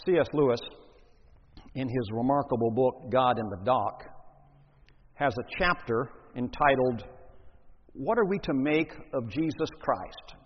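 A man preaching a sermon, reading scripture and then expounding it with deliberate emphasis. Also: mid-range voice, husky. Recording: dull lo-fi recording in a reverberant hall.

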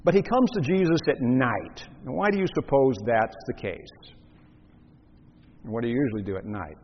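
A man preaching a teaching sermon, measured and explanatory, asking the listeners rhetorical questions. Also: mid-range voice, animated, slight background noise. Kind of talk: expository sermon. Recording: muffled, echoey hall recording.

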